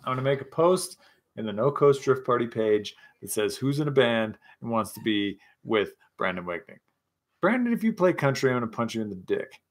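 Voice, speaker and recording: A man's voice: mid-range voice, sing-song, fairly quick. A man hosting a casual live chat with viewers, rowdy, joking and profane, a little tipsy. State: tipsy from scotch. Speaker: livestream host.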